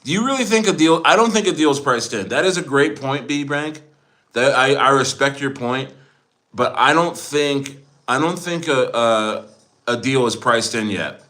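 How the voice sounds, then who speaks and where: A man's voice: medium pitch, bright, forceful tone. A young man hosting a casual crypto livestream, reading viewer comments aloud and rambling through jokes with frequent laughter. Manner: joking, rambling, laughs often.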